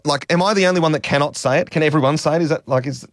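A man's voice: a little high, rapid-fire, no room sound, studio quality. A man with an Australian accent hosting a breakfast radio show, chatty and self-mocking, laughing often. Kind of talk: casual radio chat.

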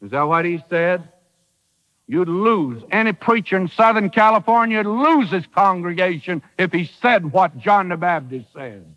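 High, lively-pitched male preacher in a reverberant hall. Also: moderate pace, highs cut off. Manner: emphatic, rhetorical questions and dry humor. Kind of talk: sermon.

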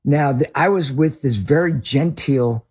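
A middle-aged man with a Northern US accent, a ministry leader telling a story as a guest in an interview, earnest and halting with many restarts. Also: mid-range voice, a little mellow, slightly rough.

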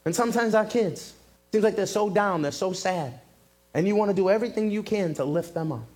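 A male pastor preaching a sermon, telling a story with lively acted-out quotes. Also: high voice, fairly quick. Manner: animated storytelling, acting out quotes. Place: church in Massachusetts.

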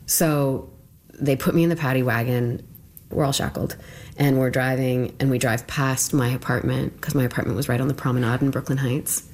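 Very low-voiced young woman recounting. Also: fairly even intonation, moderate pace, darkish tone. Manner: rambling, full of "like" fillers. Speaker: interviewee recounting her arrest. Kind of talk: personal storytelling interview.

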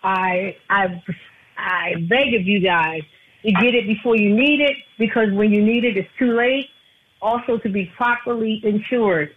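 Over a tinny phone line with a bit of background noise, a woman calls into a radio show as a guest insurance agent. Her mid-range voice is a little slow as she speaks earnestly in casual radio style, repeating her phone number.

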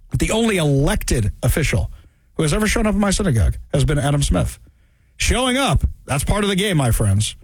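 A male talk radio host giving sarcastic, animated political commentary and hammering points home by repeating them. His voice runs high and swings widely in pitch. The sound is dry and close. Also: dry recording.

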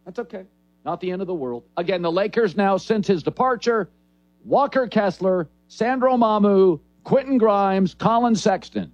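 A man's voice: sits high, big pitch swings, normal speed, darkish tone, no echo, highs cut off. A man hosting a sports talk show, speaking in emphatic, declarative bursts.

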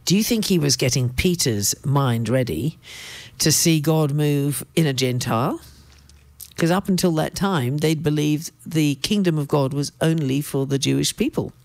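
Low-voiced woman preacher, lively delivery. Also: dry recording. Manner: lively, emphatic storytelling with asides. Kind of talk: sermon with Bible reading.

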